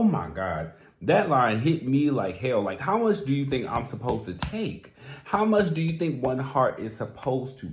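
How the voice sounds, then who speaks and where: Animated man reacting to songs in an echoey room. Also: mid-range voice, a little slow. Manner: animated, theatrical, talks to the singer directly. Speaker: music reaction host. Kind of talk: casual song reaction commentary.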